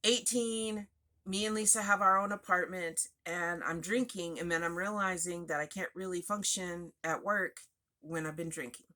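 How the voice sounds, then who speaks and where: A woman's voice: lowish voice, steady tone, moderate pace, pushed and bright. A woman frankly telling a personal story in a chatty, confessional way with asides. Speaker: vlogger sharing personal recovery story.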